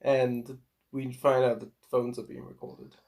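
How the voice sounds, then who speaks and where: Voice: mid-range voice, little pitch movement, measured pace, creaky, a little mellow. A podcast co-host casually walking through the plot of a horror movie, now and then quoting the characters. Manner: plot-summarizing, laid-back, quotes characters in passing. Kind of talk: casual movie recap chat.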